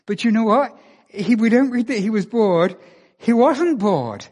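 A man's voice: sits high, darkish tone. A man from England, preaching a conversational sermon and asking his listeners many rhetorical questions. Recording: long reverb of a large hall.

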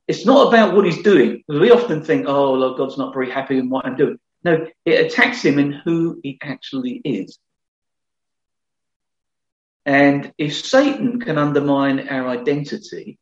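Earnest preacher in an echoey hall. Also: male voice, on the high side. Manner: earnest, conversational, with repeated restarts. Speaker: pastor. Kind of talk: sermon. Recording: echoey hall, slightly dull sound.

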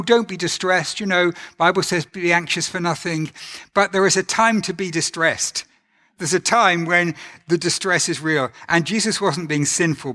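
A man preaching a reflective, earnest sermon, reading scripture aloud and pausing to dwell on it. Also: on the high side, fairly bright tone.

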